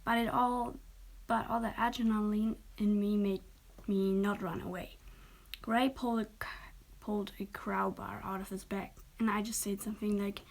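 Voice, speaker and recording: Young woman narrator; soft, whispered role-play reading. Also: mid-range voice, steady tone, moderate pace. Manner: soft, often whispered, occasional stumbles. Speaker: story reader.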